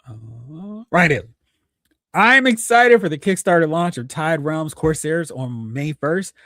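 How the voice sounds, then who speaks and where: A man's voice: on the high side, animated, measured pace, a bit bright, dry recording, studio quality. A man hosting a live stream, chatting casually, thinking aloud and reading out viewer comments. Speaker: host.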